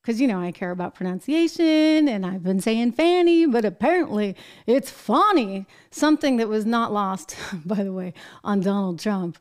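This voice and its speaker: An American woman hosting a political commentary show, talking in an emphatic, animated way with exasperated asides. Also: medium pitch, moderate pace, hardly any pauses. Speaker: show host.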